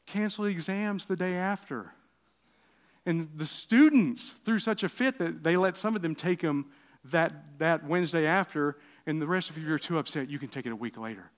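A middle-aged man preaching a sermon, asking the room questions and swinging from loud bursts to hushed lines. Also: fairly high pitch, normal speed. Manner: animated preaching with rhetorical questions and sudden drops to quiet. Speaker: pastor.

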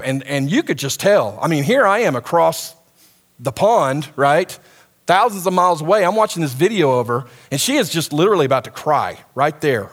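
A middle-aged man gives a sermon in a church, speaking in a fairly high voice. His delivery is conversational and he keeps asking the congregation questions. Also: lively intonation, moderate pace. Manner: conversational, engages the audience with questions. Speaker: preacher. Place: church hall with a live congregation.

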